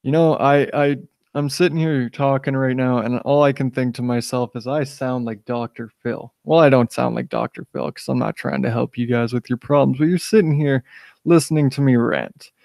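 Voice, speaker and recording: A man's voice: medium pitch, fairly even intonation, moderate pace, vocal fry, a little mellow, dry recording. A young man rambling through an opinionated rant on his own live stream, stoned, with lots of restarts and filler. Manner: opinionated, rambling, frequent restarts and "you know". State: high on cannabis. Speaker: channel host live-streaming. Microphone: desk microphone.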